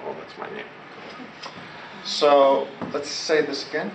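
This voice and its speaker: A male teacher leads a classroom lesson, drawing answers and repetitions out of his students at an unhurried pace. He is heard from across an echoing room, with clear background noise throughout. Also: fairly high pitch, big pitch swings. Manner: prompts students to repeat and answer. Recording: echoey classroom recorded from far off with loud background noise.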